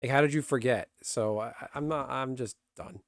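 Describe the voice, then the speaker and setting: A man's voice: mid-range voice, normal speed, vocal fry, no room sound. Guy streaming live, blunt and grumpy, swears a lot, mid voice, dry close sound. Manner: blunt, swears freely, grumbling. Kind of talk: casual live-stream chat.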